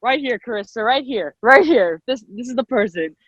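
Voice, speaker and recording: A woman's voice: on the high side, expressive, normal speed, fairly bright tone, no room sound. Upbeat young woman leading an online class. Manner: upbeat and encouraging, repeats herself, laughs often. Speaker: workshop leader. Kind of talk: live online class for girls. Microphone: computer mic on a video call. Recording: dull lo-fi video call sound.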